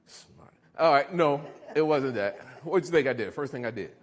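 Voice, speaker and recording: Addressing a live audience, a middle-aged recovery speaker gives an animated motivational talk, telling stories, laughing and quizzing people. His voice is on the high side and he speaks at a normal speed.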